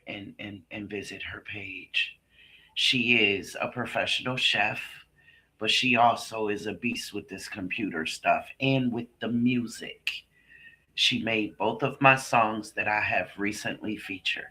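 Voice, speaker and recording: A man hosting a casual live stream, chatting with viewers and laughing often, with big swings in pitch. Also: pushed and bright. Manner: slow, drawn-out delivery with big pitch swings.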